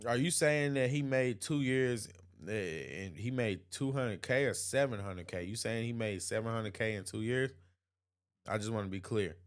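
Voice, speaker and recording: A man's voice: lowish voice, normal speed, clean tone. A man hosting an opinion livestream, reading chat comments aloud and answering them emphatically, often repeating himself and laughing. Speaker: host.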